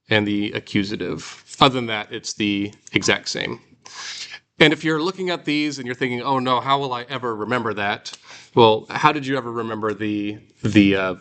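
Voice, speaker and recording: A man's voice: mid-range voice, a bit bright. A man teaching a classroom lecture, drilling word endings aloud and checking in with his students. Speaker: Greek teacher.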